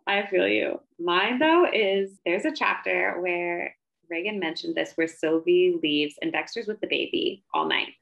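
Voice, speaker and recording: A woman co-hosts a relaxed book podcast, and her voice carries a gravelly fry. The recording sounds dull and lo-fi. She talks in an animated, emphatic way that rises steeply when she is worked up. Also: on the low side, unhurried. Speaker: podcast co-host. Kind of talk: casual book-discussion chat.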